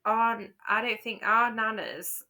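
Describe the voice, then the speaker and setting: A woman's voice: a little high, fairly even intonation, takes it slowly, bright, forceful tone. A woman with a light Yorkshire accent, co-hosting a podcast and chatting casually, rambling with plenty of fillers and restarts. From Yorkshire, England. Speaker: podcast co-host. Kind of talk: casual chat.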